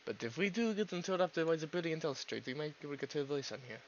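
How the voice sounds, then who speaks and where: A man's voice: fairly high pitch, lively intonation, fast, dull audio, a little hiss or hum. A man hosting a gaming video, rambling in casual commentary, swearing freely and poking fun at himself.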